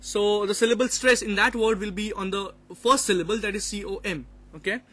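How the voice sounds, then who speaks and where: A man's voice: sits high, fairly even intonation, fairly quick, bright, forceful tone. A man presenting a phonetics topic in class, partly reading out his notes and hesitating often with fillers. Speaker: student presenter.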